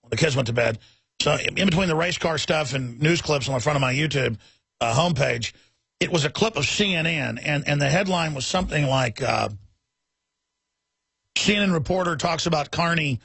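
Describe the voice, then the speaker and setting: A man hosts a talk radio show in a high, gravelly voice that has a husky edge. He rants fiercely and mockingly, jumping from one point to the next. The sound is dry and close. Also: fairly bright tone, dry recording. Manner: fiery, mocking, rapid tangents.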